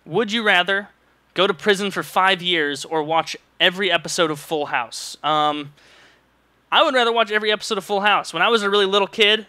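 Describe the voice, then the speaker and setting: Casting: young male vlogger, sarcastic ranting, slightly high and bright, dry close mic. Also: clear, resonant tone, dry recording. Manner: sarcastic, exaggerated rants. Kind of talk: comedic ranting commentary.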